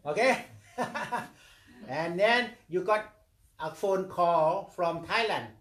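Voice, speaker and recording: In an echoey room, a male meditation teacher monk delivers a dharma talk in plain English with a high-pitched, slightly bright voice and slow pace. His words come in repeated, rhythmic chains, and he frequently checks with "okay?".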